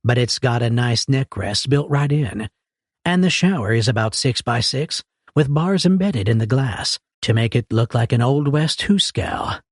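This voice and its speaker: A man voicing a laconic rich man who puts on a folksy cowboy drawl, amused and unhurried. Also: medium pitch, animated, dry recording, studio quality.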